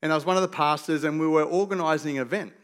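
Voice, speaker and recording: A man with an Australian accent preaching a conversational sermon as a pastor, telling stories with lively, self-deprecating humour. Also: fairly high pitch, racing, clear, resonant tone.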